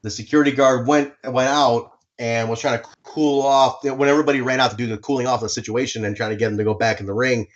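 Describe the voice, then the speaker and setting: A man co-hosting a podcast, telling a story casually, animated and swearing, with lots of restarts. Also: medium pitch, fast talker, few pauses, muffled recording. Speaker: podcast co-host.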